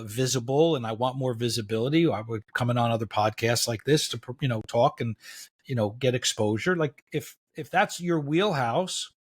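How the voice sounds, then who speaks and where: Animated middle-aged man telling a story. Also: a little high, husky. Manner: animated storyteller, acts out quotes, says "da, da, da". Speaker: podcast guest. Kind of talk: casual storytelling in an interview.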